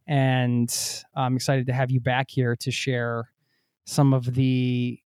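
A man's voice: medium pitch, monotone, slow, a little mellow, clean tone, no echo, clean studio sound. A man hosting a travel podcast, enthusiastic and chatty. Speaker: podcast host.

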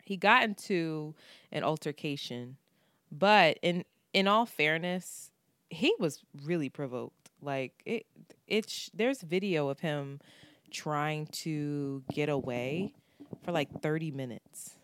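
Podcast co-host, woman, candid and profane, low resonant voice. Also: lively intonation, takes it slowly, a bit bright, smooth, dry recording, clean studio sound. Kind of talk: casual chat.

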